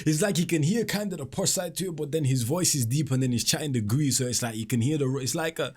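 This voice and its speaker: A man's voice: a little high, fast, a little mellow, slightly rough. Chatty young man. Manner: chatty, heavy street slang, frequent fillers. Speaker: music reaction channel host. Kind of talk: casual reaction commentary.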